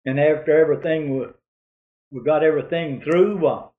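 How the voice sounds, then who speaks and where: A man's voice: on the high side, normal speed, echoey room, phone-quality sound. A man telling a rambling, folksy hunting story in a drawling way.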